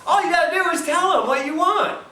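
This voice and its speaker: Bright-voiced man telling a joking story. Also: very high voice, brisk. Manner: chatty, joking, self-mocking asides. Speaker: lecturer at a health institute. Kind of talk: humorous storytelling lecture. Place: lecture room at a health institute. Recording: echoey room, distant mic, faint ambience.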